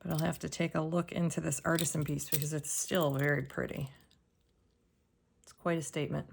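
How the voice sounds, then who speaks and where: A woman casually narrating a jewelry unboxing, soft-spoken and sometimes dropping to a whisper as she examines pieces. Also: low-pitched, level tone, brisk, creaky, a little hiss or hum. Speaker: jewelry reseller.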